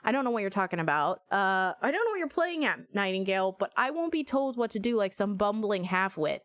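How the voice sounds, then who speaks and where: In a full-motion video game, a prickly, pompous character who is quick to take offense. He speaks curtly and haughtily, with a lively, swinging pitch. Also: smooth, dry recording. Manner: curt, haughty, easily offended. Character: prickly, pompous middle-aged man.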